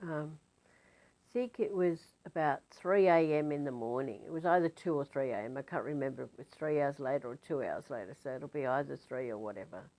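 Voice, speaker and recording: Older woman, spiritual teacher, deep voice, rambling animated anecdote with fillers. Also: a little fast, rough recording. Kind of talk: casual storytelling.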